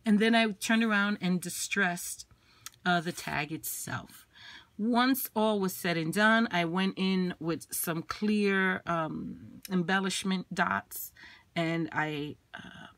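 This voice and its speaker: A woman showing a handmade craft project in a casual, chatty way. She is losing her voice, clears her throat often and fills pauses with ums. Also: lowish voice, fairly bright tone, no room sound. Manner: chatty, lots of ums and uhs. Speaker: craft vlogger.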